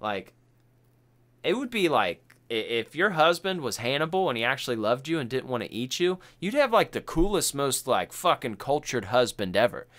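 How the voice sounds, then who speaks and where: A man hosting a podcast and chatting casually about a film. He is excitable and profane, and he acts out quotes from the film. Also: mid-range voice, moderate pace. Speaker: podcast host.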